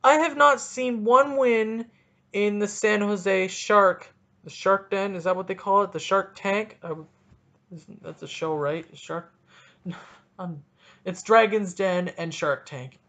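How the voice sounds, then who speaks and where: A young man hosting a solo casual podcast, rambling and joking at himself in an animated way. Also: high-pitched, takes it slowly, gravelly, lo-fi sound. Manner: rambling, jokey, animated, self-deprecating. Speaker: podcast host.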